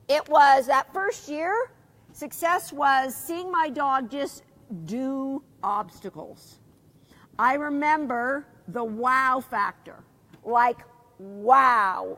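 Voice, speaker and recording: A woman's voice: high-pitched, fairly bright tone. A middle-aged woman teaching a live dog agility seminar, chatty, asking her students questions and reading out their comments.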